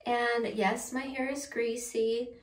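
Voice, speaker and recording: A woman's voice: on the high side, fairly even intonation, slow. A woman chatting through a home how-to vlog, self-deprecating and laughing at herself. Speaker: beauty vlogger. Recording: roomy echo, mic at a distance.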